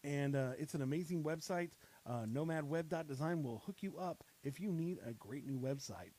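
A man's voice: a little high, normal speed, dark tone. A man hosting a podcast, freestyle rapping in a loose, rambling way and joking around with his guests. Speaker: podcast host. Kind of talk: freestyle rap then casual chat.

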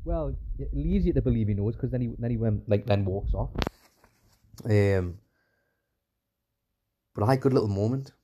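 There is a little hiss or hum behind this man's medium-pitched, dark voice as he casually recaps a film at a moderate pace, pausing often. He goes scene by scene, rambling with lots of fillers and enthusiastic asides, calling scenes "class".

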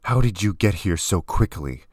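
A man's voice: deep voice, expressive, normal speed, husky, no room sound, clean studio sound. A man voicing a fierce, commanding female warrior who makes cold demands. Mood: interrogating.

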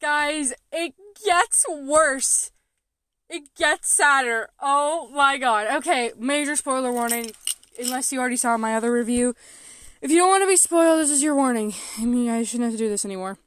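Young woman fan podcaster, emotional rambly chat, kinda high voice, dry no room sound. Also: a little fast, clean tone, no room sound. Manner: gushing, emotional, rambling with many fillers. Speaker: podcast host. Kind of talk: casual movie review.

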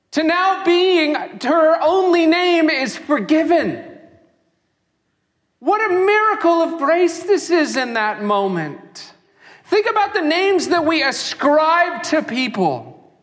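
A man preaching a sermon as a pastor, animated and acting out the voices of people he quotes. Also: very high voice, big-room sound.

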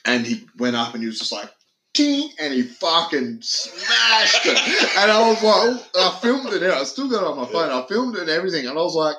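A young man telling a story on a casual podcast. He talks in a lively way, swears a lot and acts out what people said loudly. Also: on the high side, brisk, few pauses, slight background noise. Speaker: podcast host. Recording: echoey room.

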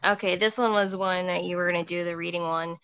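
A woman's voice: fairly low pitch, steady tone, quick pace, a bit bright, clean tone, dry recording. A woman co-hosting a podcast over an online call, chatting easily, giggling and reading listener prompts aloud. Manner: giggly, easygoing. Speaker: podcast co-host.

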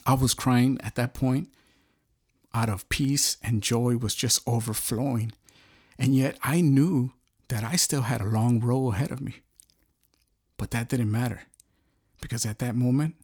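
A middle-aged man giving an earnest, halting personal testimony, often searching for words. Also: medium pitch, darkish tone, breathy edge. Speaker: storyteller sharing a personal testimony.

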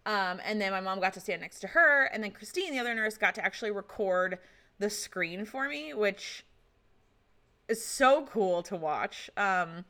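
Bright-voiced woman telling a candid story. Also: mid-range voice, animated, normal speed. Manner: chatty and candid, swears freely, laughs often. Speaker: vlogger recounting a personal experience. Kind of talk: casual storytelling.

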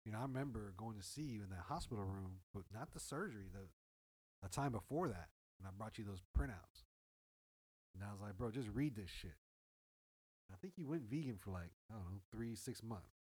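The voice is male, on the low side, brisk and slightly rough, recorded at low quality. Telling a story in casual chat, he's animated and profane, voicing the quoted dialogue as he goes.

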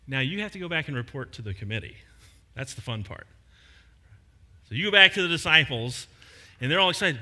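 A man's voice: medium pitch, lively intonation, fairly quick, pauses often, sharp tone. A man preaching a sermon as a pastor, retelling a story with acted voices and a casual, joking delivery.

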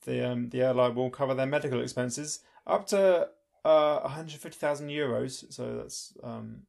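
Gravelly-voiced man in relaxed chat. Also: medium pitch. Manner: relaxed, hesitant with fillers. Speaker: podcast co-host. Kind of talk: casual chat.

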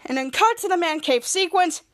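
A woman's voice: extremely high pitch, expressive, normal speed, fairly bright tone. A woman podcast host rambling through a casual recap of a TV episode. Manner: rambling, repeats "cut to".

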